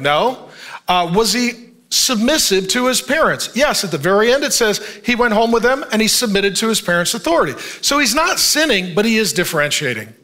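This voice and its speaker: A middle-aged male pastor preaching a sermon in an animated, joking way, reading scripture and acting out the people in the story. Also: very high voice. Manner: animated, jokey, acts out voices in the story.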